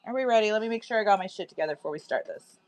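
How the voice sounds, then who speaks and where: Speaking very fast with lively intonation in a mid-range voice, this live-stream seller is heard over a noisy background. She hosts a casual sale from home, chatty and laughing often, addressing both viewers and her pet.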